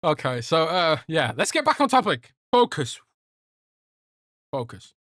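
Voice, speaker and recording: A man's voice: on the high side, big pitch swings, moderate pace, pushed and bright, dry recording, studio quality. A young man hosting a casual livestream podcast, joking and rambling as he reads out chat. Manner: rambling, joking, swears a lot, trails off. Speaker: podcast host reading live chat.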